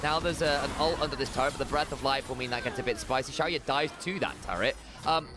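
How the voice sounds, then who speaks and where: A man doing live play-by-play esports commentary, jokey and excitable, on a headset mic. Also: mid-range voice. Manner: excitable, jokey, rapid shifts from chatty to shouting. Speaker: esports caster.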